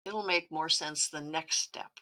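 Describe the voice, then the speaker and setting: A woman's voice: deep voice, unhurried, sharp tone, slight background noise. A woman co-hosting a drawing lesson, adding brief comments and tips. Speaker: co-host. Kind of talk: casual chat during a lesson.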